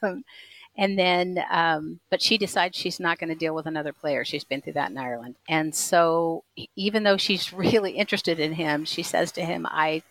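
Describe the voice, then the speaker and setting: A middle-aged woman with a notably low voice talks easily about her latest romance novel as a podcast guest. She fills pauses with ums and corrects herself mid-sentence. The sound is dry and close. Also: steady tone, fairly bright tone, no room sound, poor audio. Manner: chatty with frequent ums and self-corrections. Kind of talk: podcast interview.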